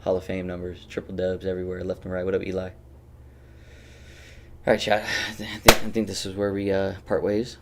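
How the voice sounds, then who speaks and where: A man with a very deep voice and a gravelly, fry-heavy edge runs a casual gaming stream. He teases his friends and chat in loose, offhand banter, swearing freely. He sounds close to a headset mic. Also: flat delivery, brisk, long pauses, background noise.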